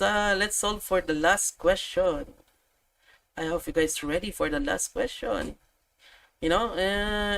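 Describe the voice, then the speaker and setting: A woman's voice: on the low side, poor audio. A woman tutoring math, thinking aloud and chatting as she works through problems. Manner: thinks aloud, self-correcting, chatty asides. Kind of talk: casual tutorial walkthrough.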